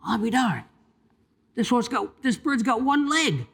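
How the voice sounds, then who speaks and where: A man putting on a high, pleading jockey pestering a trainer. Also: animated, fast, a bit bright. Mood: indignant. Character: excitable jockey pestering for a parrot.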